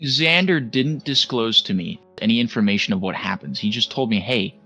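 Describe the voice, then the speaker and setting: Bright-voiced young man telling a story dramatically. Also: on the low side, animated, brisk, dull audio, faint music behind. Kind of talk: casual chat among friends.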